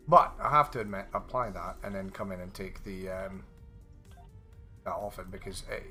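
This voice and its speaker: A man chats casually with his viewers while streaming a game, swearing freely and drifting into rambling rants. His voice swoops up and down with plenty of life and has a bright, forceful edge. Faint music plays behind him. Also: fairly low pitch. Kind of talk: casual live-stream chat while gaming.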